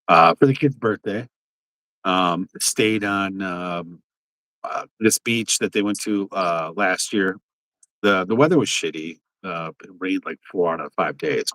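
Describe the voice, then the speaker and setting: A man's voice: deep voice, fairly bright tone, no echo, poor audio. A man co-hosting a podcast, telling a rambling story in casual chat, with many fillers and some swearing. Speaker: podcast co-host.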